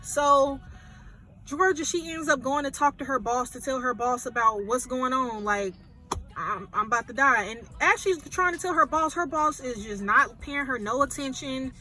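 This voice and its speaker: A woman movie reviewer retelling a film plot in an animated, chatty way. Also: sits high, normal speed. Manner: animated, chatty storytelling with fillers.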